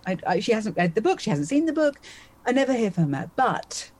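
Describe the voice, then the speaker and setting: Brisk and very animated, the woman's voice runs on the high side with a darkish tone. She is a magician in her fifties guesting on a podcast, vividly telling a personal story and acting out her own thoughts, captured in a low-quality recording.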